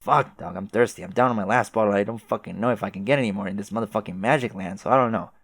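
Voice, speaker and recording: A man voicing a laid-back, profane young male troll clown with a loud, easygoing drawl. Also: on the low side, racing, dry recording.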